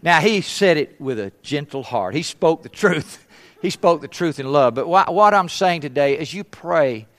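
Storytelling male pastor, lively voice. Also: on the high side, normal speed. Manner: humorous storytelling, acts out quoted voices. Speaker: pastor, former missionary. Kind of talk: sermon with storytelling.

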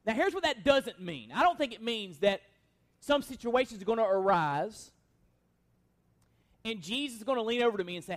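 A man with a strikingly high-pitched voice leads a sermon as pastor. He speaks with earnest emphasis and keeps turning his points into rhetorical questions for his listeners. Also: very animated, fairly quick. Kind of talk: expository sermon.

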